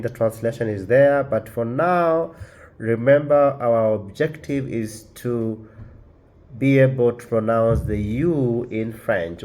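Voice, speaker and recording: A man walks learners through a pronunciation lesson in an unhurried, patient way. He says each practice word several times so they can copy it. His pitch sits in an ordinary middle range. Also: darkish tone. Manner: slow, patient, repeats words for practice. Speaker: language teacher. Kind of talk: screen-share lesson.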